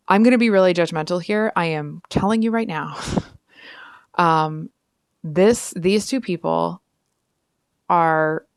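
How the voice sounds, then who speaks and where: Chatty tarot reader lady, kinda low smooth voice, super frank, dry close sound. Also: no echo. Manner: frank, chatty, many fillers and asides. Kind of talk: casual tarot reading to camera.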